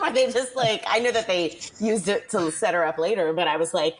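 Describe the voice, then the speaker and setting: A woman co-hosting a podcast, chatting casually about a film, animated and acting out her reactions. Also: mid-range voice, brisk, hardly any pauses, slight background noise. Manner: animated, laughs often, acts out her reactions. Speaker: podcast co-host. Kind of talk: casual film review chat.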